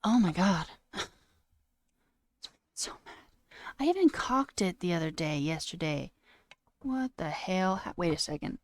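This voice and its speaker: A woman streamer ranting in a casual, animated way, swearing and mocking voices in quotes. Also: lowish voice, unhurried, long pauses, no room sound. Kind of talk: casual live-stream rant. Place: home room.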